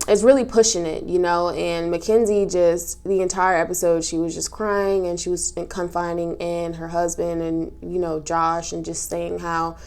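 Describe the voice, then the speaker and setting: A woman with a somewhat low voice talks casually through a reality show recap. She is tearful and sniffling, stopping and restarting with plenty of fillers as she goes. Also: flat delivery, moderate pace, hardly any pauses, darkish tone. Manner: emotional, talks through tears, many fillers. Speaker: recap vlogger.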